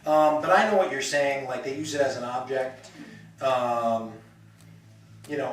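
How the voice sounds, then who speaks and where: A man's voice: medium pitch, a little slow, long pauses. A man teaching a language class in a lecture style, chatty and explaining with acted-out example sentences. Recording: echoey classroom, mic far off.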